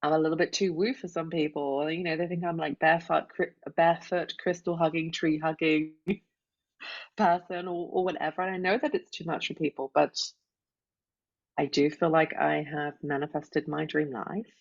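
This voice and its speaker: A woman life coach talks openly and from the heart, her very low voice full of gravelly fry. The audio is dull and lo-fi, and she leans on casual fillers as she speaks. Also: fairly even intonation, moderate pace. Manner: open, heartfelt, frequent "like" and "right?". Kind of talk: casual interview chat.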